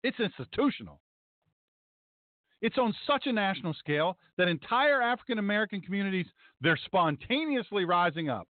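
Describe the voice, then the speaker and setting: A man's voice: high voice, big pitch swings, fairly quick, no room sound. A male pastor hosting a commentary show, talking in a sarcastic, emphatic way and often repeating his phrases. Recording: dry, tinny phone-like sound.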